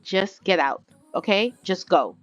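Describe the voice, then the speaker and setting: Woman doing a fed up young mom, sassy and cutting, kinda low voice. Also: a little slow, highs cut off, faint music behind, lightly acted. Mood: angry. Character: young mother, fed up and sharp-tongued.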